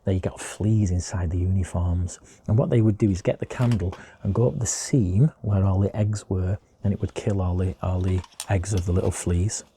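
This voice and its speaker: A man's voice: deep voice, steady tone, normal speed, few pauses, mellow, a little hiss or hum. A man teaching a chatty history lesson to children, often asking them questions as he shows objects.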